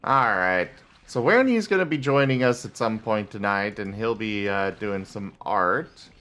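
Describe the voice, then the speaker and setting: A man hosting a casual gameplay livestream, chatting and thanking viewers with frequent filler pauses. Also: fairly low pitch, animated, a bit bright. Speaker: livestream host.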